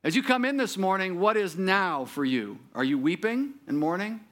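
A male pastor delivers a sermon in an easy, conversational way, pitched a little higher than most men. He keeps turning to the listeners with rhetorical questions and checks like "right?". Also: expressive, normal speed, a bit bright.

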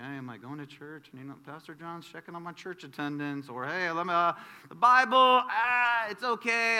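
A pastor preaches to his congregation in a fairly high, very bright and cutting voice. His delivery is lively and full of melodic swings. He shifts between punchy loud emphasis and hushed asides. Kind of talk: sermon. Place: church sanctuary before a congregation.

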